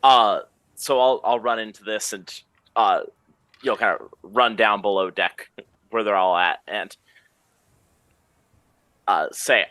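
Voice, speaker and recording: A man's voice: lowish voice, slow pace, long pauses, bright, forceful tone, no echo. A man playing a tabletop game who laughs often and talks through his character's actions with many fillers. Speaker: player. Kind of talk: casual tabletop play.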